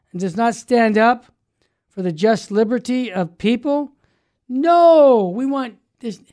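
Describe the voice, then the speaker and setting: A man hosting a religious talk radio show, teaching with fervent emphasis that builds to loud exclamations. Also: high voice.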